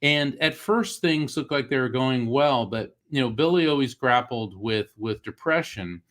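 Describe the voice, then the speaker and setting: A middle-aged man from Florida, a psychic medium, telling a personal story in an interview with animated, acted-out quotes. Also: a little slow. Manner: animated storyteller, acts out quoted voices with big pitch jumps. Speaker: guest, psychic medium and author. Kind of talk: storytelling in a talk show interview.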